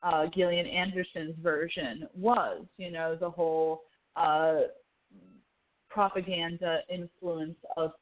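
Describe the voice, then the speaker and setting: A woman with a slightly low voice, excitedly retelling scenes from a show in casual chat. She slips into the characters' lines as she goes. The sound is thin and narrow, like a phone line. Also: slow pace. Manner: animated retelling, acts out quoted lines.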